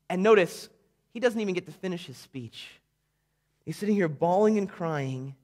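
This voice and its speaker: A man preaching a sermon, retelling a story vividly and swinging between loud emphasis and hushed tones. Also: high-pitched, moderate pace.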